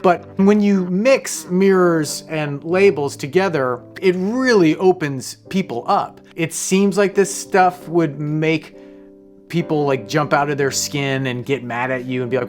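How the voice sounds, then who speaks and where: A man's voice: on the high side, measured pace, faint music behind. A man hosting a casual explainer monologue, talking loosely, wandering into side stories and swearing offhand. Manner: rambling, conversational, off-hand swearing. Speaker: host, comedian.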